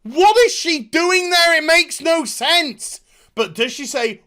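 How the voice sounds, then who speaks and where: A woman's voice: extremely high pitch, lively intonation, takes it slowly, pushed and bright. A woman giving a sweary, exasperated, sarcastic rant reviewing a TV episode.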